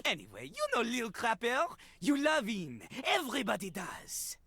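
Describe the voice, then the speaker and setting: A man's voice: very high voice, wildly swooping pitch, moderate pace, full character voice. An actor voicing a cocky male toilet-man rapper in a video game, with a French accent, bragging in rhyme over a hip hop beat. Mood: smug. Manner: brags in rhyme, sing-song rapping. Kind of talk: video game character acting.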